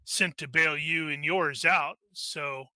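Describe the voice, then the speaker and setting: A man voicing an old male wizard who speaks formally and cryptically, with measured grandeur. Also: a little high, fairly even intonation, bright, forceful tone, clean tone, dry recording, heavily acted. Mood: cryptic.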